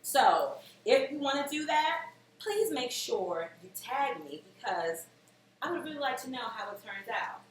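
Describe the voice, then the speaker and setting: A woman in her thirties hosting a home cooking show, telling a comic story in a chatty, animated way while she cooks. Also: fairly high pitch, a little slow. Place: home kitchen. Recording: echoey room, mic at a distance, faint noise.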